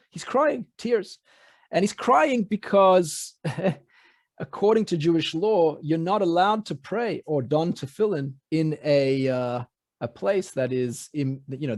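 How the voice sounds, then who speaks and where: A rabbi telling a traditional story in a relaxed, conversational way, with frequent fillers and restarts. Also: male voice, a little high, no room sound. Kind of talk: oral storytelling.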